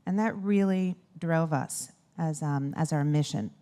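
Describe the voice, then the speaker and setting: Mellow, earnest woman film producer. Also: sits low, unhurried. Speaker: documentary producer. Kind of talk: interview conversation.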